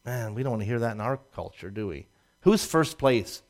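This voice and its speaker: A man preaching a sermon, swinging from loud emphatic rises to low asides and laughing at his own jokes. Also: lively intonation, normal speed. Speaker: pastor.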